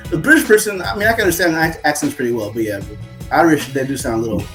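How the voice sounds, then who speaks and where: A man's voice: fairly high pitch, fast talker, fairly bright tone, soft background music, low-quality recording. A man co-hosting a casual boxing podcast, agreeable and rambling through his points. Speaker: podcast co-host.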